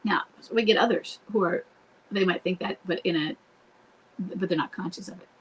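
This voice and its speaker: A woman's voice: on the low side, normal speed, a little hiss or hum, rough recording. Earnest woman giving live marriage advice. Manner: earnest and direct, breaks off to act out what to say. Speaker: marriage coach answering viewer questions. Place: home, streamed live online.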